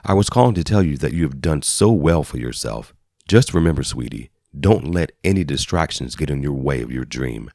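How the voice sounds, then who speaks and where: A man voicing a gentle, caring mother. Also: a bass voice, expressive, normal speed, no echo, heavily acted. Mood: affectionate. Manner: gentle, affectionate speech. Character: caring middle-aged mother. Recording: dry studio voice-over.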